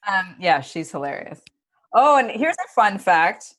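A woman's voice: mid-range voice, big pitch swings, a little slow, a bit bright. A woman guest on a casual podcast interview, talking with laughter and gushing praise. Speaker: guest actor.

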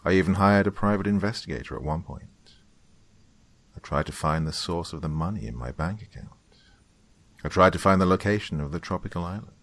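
A man narrating a horror story in a measured, somber delivery. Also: low-pitched, fairly bright tone.

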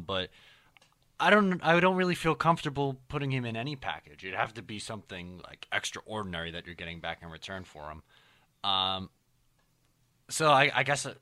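A man's voice: on the low side, bright, forceful tone, no room sound. A man co-hosting a casual sports podcast, easygoing and a little hesitant. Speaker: podcast co-host.

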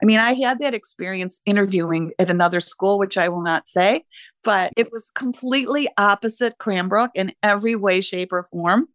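A retired woman teacher in her sixties, reflecting warmly and emotionally in a conversational interview. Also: mid-range voice, normal speed, dry recording, studio quality. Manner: warm, emotional, laughs easily. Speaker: retired teacher, podcast guest.

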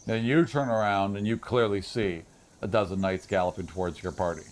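A man's voice: lowish voice, fairly even intonation, fairly quick. A man narrating as game master in a chatty, self-correcting way, with frequent laughs.

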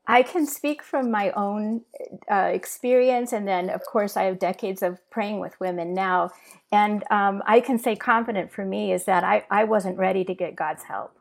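A middle-aged woman sharing an emotional personal testimony in an earnest, halting way with many pauses and fillers. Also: medium pitch, vocal fry. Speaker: guest sharing her testimony.

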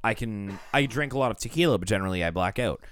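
A man's voice: lowish voice, lively intonation, fast, fairly bright tone. A young man co-hosting a podcast, chatting in a laid-back way, laughing often and swearing freely. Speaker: podcast co-host. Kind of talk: casual chat.

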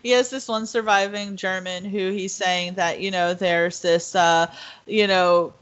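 Animated woman retelling film scenes. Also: mid-range voice, a little slow. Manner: animated storyteller, acts out scenes. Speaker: podcast co-host. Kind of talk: casual chat. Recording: slightly dull, muffled audio.

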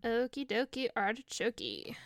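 A woman's voice: a little high, huge pitch swings, normal speed, dry recording, studio quality. A woman narrating as game master of a casual tabletop game, hesitant and playful.

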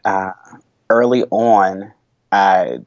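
Reflective man, worship leader, lowish voice. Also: no echo, highs cut off. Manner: thoughtful, halting, with frequent restarts and soft laughs. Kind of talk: reflective interview conversation.

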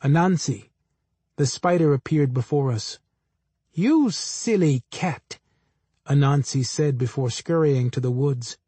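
A man reading first-person literary fiction aloud in a measured, understated way. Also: medium pitch, warm tone, breathy edge, no echo. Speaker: audiobook narrator.

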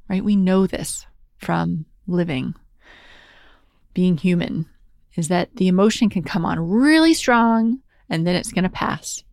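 Woman, mindfulness talk, gentle and reflective, slow drawn-out emphasis, dry close sound. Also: mid-range voice, creaky, dry recording. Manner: gentle, reflective, slow and drawn-out on key words, frequent "right?".

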